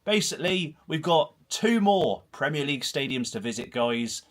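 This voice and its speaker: A man in his thirties from Herefordshire, England, with a Herefordshire and Gloucestershire accent, hosts a casual solo football livestream from a small room at home. His voice is fairly high, expressive, and at normal speed as he rambles, reads comments, and pokes fun at himself.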